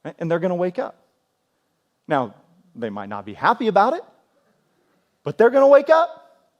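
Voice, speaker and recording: A man in his forties preaching a sermon in a church, telling stories in a lively way and acting out scenes with sudden loud outbursts. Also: sits high, moderate pace, dull audio. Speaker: pastor. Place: church sanctuary.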